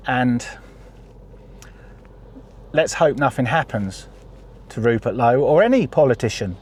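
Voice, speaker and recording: A man's voice: medium pitch, darkish tone, husky. A man giving a heated, sweary political rant for his vlog while sitting in his car in traffic. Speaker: vlogger.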